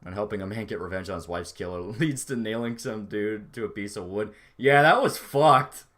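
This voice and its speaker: A man with a somewhat low voice talks through a relaxed livestream. He rambles loosely from one thought to the next and swears freely as he answers his chat. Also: normal speed. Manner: rambling, profane, laid-back. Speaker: streamer reading chat.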